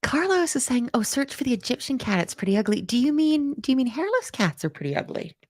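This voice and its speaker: A woman's voice: high-pitched, sing-song, fast talker, no room sound. A woman teaching a live-streamed coding lesson, chatty and playful, thinking aloud and answering chat comments. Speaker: coding bootcamp instructor.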